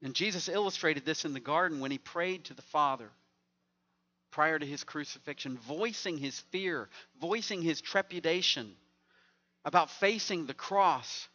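Pastor guy preaching, kinda high voice, chatty and jokey, a bit muffled. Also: moderate pace, sharp tone. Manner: conversational and joking. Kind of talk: sermon.

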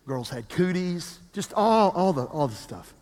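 A pastor in his fifties preaching a sermon with animated storytelling, acting out the quotes he tells. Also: high-pitched, measured pace, in a large hall.

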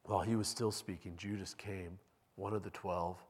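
A man preaching a sermon as pastor, speaking in a measured, deliberate way and reading scripture aloud in a church sanctuary. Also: low voice, steady tone, darkish tone, husky. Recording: long reverb in a large hall.

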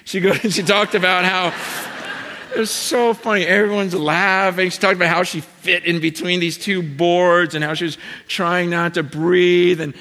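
A man preaching a sermon, telling a story in a lively way and acting out the people he quotes, with lots of fillers. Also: high voice, moderate pace. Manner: animated storytelling, acts out quotes, many fillers. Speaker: pastor. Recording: long hall reverb.

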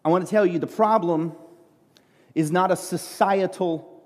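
A middle-aged male pastor preaches in a church sanctuary, his slightly high voice carrying a long reverb tail. He talks earnestly and haltingly, often restarting his sentences as he tells a story. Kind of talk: sermon with a personal story.

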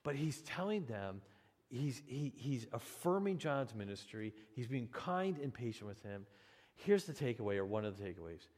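A man preaching a sermon as pastor, in an animated, conversational way with frequent restarts. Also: mid-range voice, moderate pace. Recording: long hall reverb.

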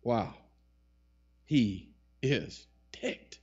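Man preaching in church, somewhat high voice, lively bursts, dull muffled recording. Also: moderate pace. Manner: animated preaching with rising bursts and asides to the congregation. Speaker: pastor. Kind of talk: sermon. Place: church sanctuary.

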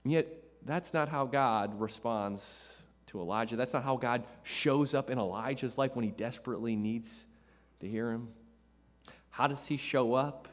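A man's voice: medium pitch, moderate pace. A man preaches with emphatic, repetitive phrasing. His voice sits in an ordinary middle register. It rings out with the long reverb of a large hall. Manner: emphatic, repeats phrases for effect. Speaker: pastor. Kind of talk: sermon.

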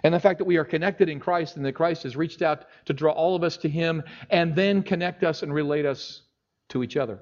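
A brisk middle-aged preacher with a voice on the high side and some vocal fry recounts a story in his sermon. He acts out the quoted voices animatedly, captured in dull lo-fi sound.

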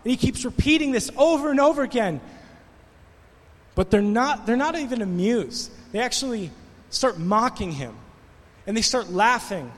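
A man's voice: very high-pitched, animated, moderate pace, in a large hall. A man preaching a sermon, telling a story in a casual way and then building to impassioned, rising preaching. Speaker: pastor. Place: church hall.

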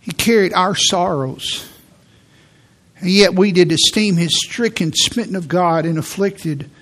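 A man giving a sermon as a pastor, preaching in a church with slow, emphatic delivery and repeated key words. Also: sits high, a bit bright. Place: church sanctuary.

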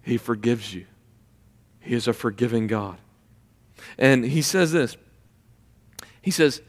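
A man's voice: lively intonation, moderate pace, pauses often. Man preaching a sermon in a reverberant hall. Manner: builds to loud, high-pitched emphatic preaching; acts out quoted voices mid-sermon. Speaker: pastor. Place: church sanctuary. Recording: long reverb of a large hall.

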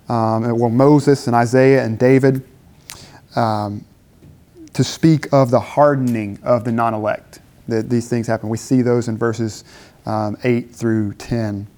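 A man's voice: mid-range voice, fairly even intonation, slow pace, warm tone. A man preaching a conversational sermon at a campus dinner gathering, asking rhetorical questions and briefly acting out biblical speakers.

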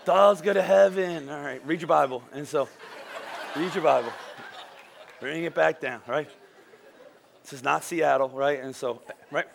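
Gravelly, high-voiced pastor telling stories. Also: male voice, unhurried, long pauses. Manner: animated storytelling, frequent "right?" asides. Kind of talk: sermon.

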